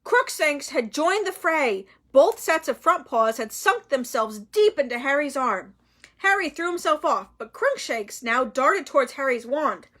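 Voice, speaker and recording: High, bright woman reading aloud. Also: unhurried. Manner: expressive, dramatic reading with casual asides. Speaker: storyteller reading a novel aloud.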